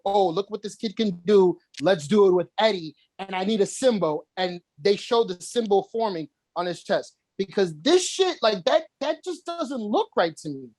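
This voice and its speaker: A woman's voice: on the high side, a little mellow, no echo. A woman co-hosting a casual podcast chat, talking animatedly, swearing often and acting out quotes. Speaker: podcast co-host.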